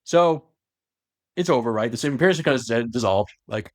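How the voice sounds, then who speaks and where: A man's voice: mid-range voice, expressive, brisk, no room sound, clean studio sound. A young man co-hosting a podcast, retelling a story in a loose, rambling way with asides. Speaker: podcast co-host. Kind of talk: casual chat retelling a story.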